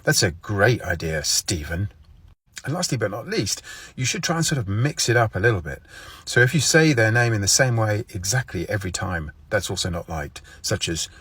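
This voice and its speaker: A man giving a deadpan, mock-serious lesson and acting out his example phrases with odd intonation. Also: fairly low pitch, a little fast, husky, dry recording. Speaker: comedic explainer. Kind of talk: deadpan mock-instructional monologue.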